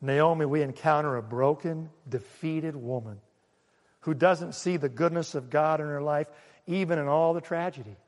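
A man preaching a sermon, swinging between loud and hushed and asking the congregation questions. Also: a little high, moderate pace, in a large hall. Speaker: pastor.

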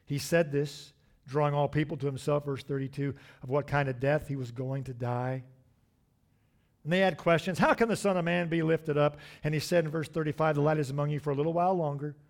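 A man, middle-aged, preaching a sermon, swinging from loud emphatic lines to hushed, drawn-out asides. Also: fairly high pitch, fairly even intonation. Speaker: pastor.

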